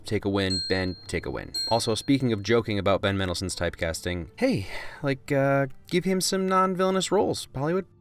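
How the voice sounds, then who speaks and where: A man's voice: on the low side, fairly bright tone. A man doing a jokey, self-mocking movie review voice-over, wry and casual. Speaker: film reviewer.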